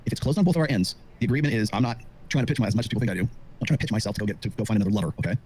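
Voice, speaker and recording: A middle-aged man who lectures with rapid confidence, full of fillers, as a dating commentator on a podcast. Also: fairly low pitch, a little mellow, slight background noise. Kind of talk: monologue on a podcast.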